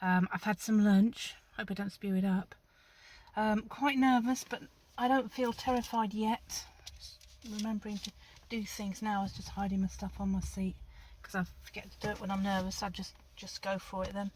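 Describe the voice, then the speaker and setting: A woman's voice: mid-range voice, fairly even intonation, moderate pace. A woman, vlogging from inside her car and talking in a rambling, openly nervous way. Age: 60s. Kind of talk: casual talk to camera. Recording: dull audio with loud vehicle noise.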